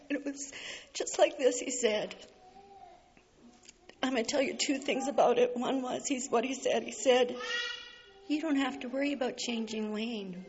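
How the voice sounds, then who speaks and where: A woman shares a heartfelt personal testimony, earnest and tearful, often laughing through her tears. Her voice sits a little high. The recording is a bit muffled, with a faint hiss underneath. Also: darkish tone. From Canada. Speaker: speaker sharing a personal testimony. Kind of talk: emotional personal storytelling.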